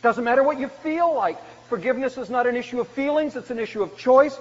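A man preaching a sermon as a pastor, swinging from loud emphatic lines to hushed, quiet ones. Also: extremely high pitch, lively intonation, quick pace, hardly any pauses. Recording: dull, lo-fi church recording with long reverb and faint noise.

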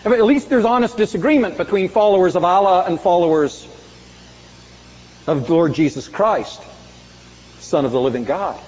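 A man preaching a sermon with emphatic delivery, swinging sharply between loud and soft. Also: normal speed, pauses often. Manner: emphatic preaching, dramatic swings in pitch and volume. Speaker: pastor. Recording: muffled sound with long hall reverb.

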